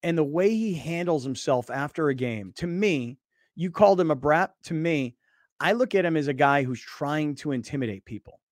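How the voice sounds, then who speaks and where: A man's voice: on the high side, lively intonation, moderate pace, dry recording, studio quality. A man hosting a sports talk show, talking emphatically and with sarcasm.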